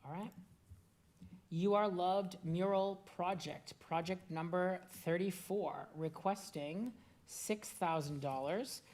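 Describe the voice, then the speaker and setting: A woman's voice: on the low side, slow pace, a little mellow. A woman with a Boston accent chairing a council meeting, talking casually and businesslike with fillers. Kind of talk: public meeting discussion.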